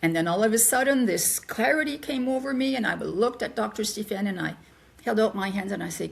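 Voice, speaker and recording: An older woman, a guest in an interview, telling a personal story in an animated way and acting out the voices she quotes. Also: medium pitch, a little fast, gravelly.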